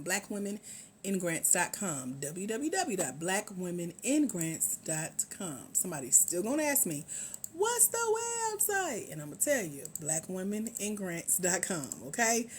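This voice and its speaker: A woman hosts a live stream, chatting through her lesson with a very animated, swooping voice. She spells things out slowly and repeats herself often. She calls out to her viewers by name. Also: fairly low pitch, slight background noise. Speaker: livestream host, grants mentor. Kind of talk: casual livestream teaching.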